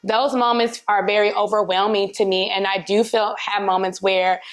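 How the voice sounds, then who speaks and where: Animated woman guest in casual talk. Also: medium pitch, moderate pace. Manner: animated, acts out quoted voices, laughs. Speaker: guest, business founder. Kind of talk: casual conversation.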